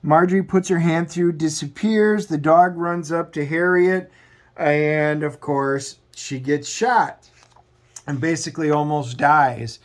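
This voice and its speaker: Rambling man recapping a comic. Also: fairly high pitch. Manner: rambling, loose retelling with frequent restarts. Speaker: comic book review host. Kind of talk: casual plot recap.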